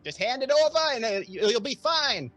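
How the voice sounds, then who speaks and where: A man voicing a frantic little kobold who screams and shrieks in a high voice. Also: sing-song, a little fast, pushed and bright, faint music behind, exaggerated voice. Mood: wheedling. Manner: shrill, shrieking, panicky.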